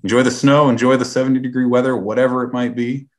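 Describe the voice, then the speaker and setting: A young man co-hosting a sports podcast, relaxed and easygoing, hedging his points in casual chat. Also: medium pitch, quick pace. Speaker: podcast co-host.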